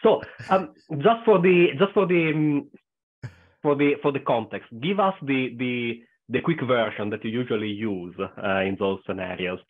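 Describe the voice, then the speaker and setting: A man with an Italian accent, hoarse from a cold, moderating an interview over a video call and pausing often to find his words. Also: mid-range voice. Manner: halting, searching for words. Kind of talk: conversational interview questions. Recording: tinny call audio.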